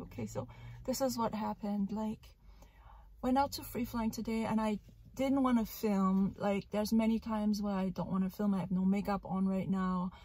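A young woman retells a frightening incident outdoors in a park in a casual vlog. She sounds shaken and emotional and breaks into loud outbursts. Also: medium pitch, fairly even intonation, moderate pace. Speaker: parrot vlogger.

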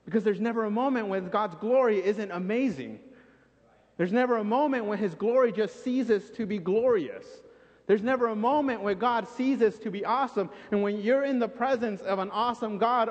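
A man preaching a sermon in a church sanctuary, animated, acting out scenes and repeating phrases for emphasis. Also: high-pitched. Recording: dull recording with long church reverb.

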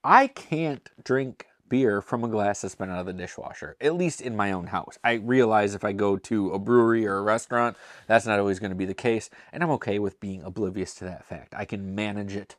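Chatty, excited man with a low voice. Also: fairly quick, no echo, clean studio sound. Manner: enthusiastic, chatty, with self-deprecating asides. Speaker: beer reviewer and show host. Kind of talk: casual tasting review.

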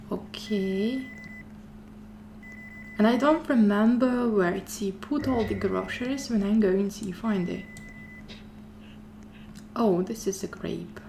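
A woman's voice: medium pitch, slow pace, pauses often, slight background noise. A woman streaming a horror game, talking to herself in a scared way that keeps repeating and dropping to whispers. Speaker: gameplay streamer. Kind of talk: playing a horror game out loud. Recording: game music loud behind the voice.

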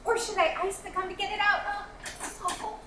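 Woman as a flustered chirpy clerk, very high voice, staged reading, distant echoey mic. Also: level tone, a little fast, noisy background. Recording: echoey room, mic far.

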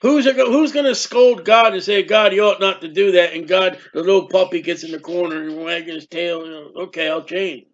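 A man preaching a sermon, reading scripture slowly with emphasis and then explaining in casual asides. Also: sits high. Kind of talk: sermon, Bible teaching. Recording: dull lo-fi recording.

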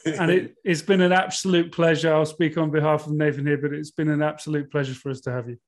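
A man's voice: fairly high pitch, level tone, quick pace. A British man co-hosting a podcast, chatty and self-mocking in casual talk. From United Kingdom. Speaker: podcast co-host.

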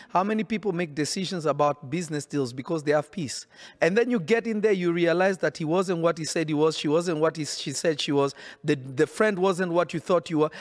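A man preaching a sermon in an emphatic, insistent way, often repeating his phrases. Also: a little high.

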